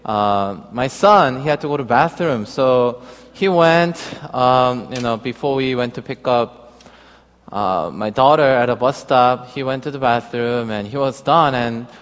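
A man's voice: mid-range voice, measured pace. A man preaching a sermon, telling a personal story and then reading scripture, with a hesitant, filler-heavy way of talking. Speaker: pastor. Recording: long reverb of a large hall.

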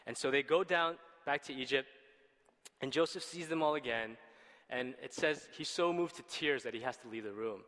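A man's voice: mid-range voice, moderate pace, a bit bright. A man preaching casually, retelling a Bible story with rhetorical questions and light laughter. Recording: long hall reverb.

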